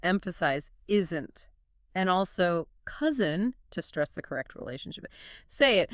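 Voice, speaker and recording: A woman co-hosting a scripted English lesson, clearly modelling phrases for learners to practise. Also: fairly low pitch, big pitch swings, a little slow, dry recording, studio quality. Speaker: English teacher co-host. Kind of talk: scripted language lesson dialogue.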